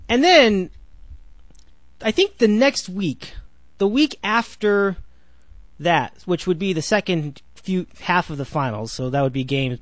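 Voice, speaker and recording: A man's voice: fairly high pitch, no room sound. A man in his twenties hosting a solo sports podcast, rambling with sarcastic asides and frequent self-corrections. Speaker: podcast host.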